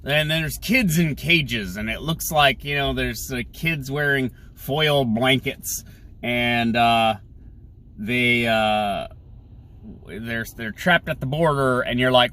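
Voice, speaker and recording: A male podcast host giving sarcastic, opinionated solo commentary while he drives, mocking others in shrill put-on voices. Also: slow, sharp tone, poor audio. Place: in a car. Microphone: phone or camera mounted in the car. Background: faint car and road noise.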